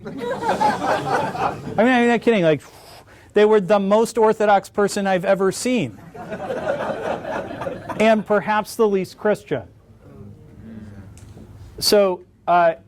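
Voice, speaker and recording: A middle-aged man fields questions after his lecture in a conference hall, his voice sitting high for a man. He talks as a wry storyteller, slipping jokes into his answers. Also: a little mellow. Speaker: conference speaker.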